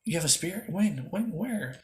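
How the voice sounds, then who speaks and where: A wide-eyed wizard king, his voice jumping up high as he stumbles over one amazed question after another, put on by a man telling a fan story. The voice lifts well above the teller's normal speech and gets a bit louder. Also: expressive. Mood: astonished. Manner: rapid stammering questions. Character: excited male wizard king, curious and astonished.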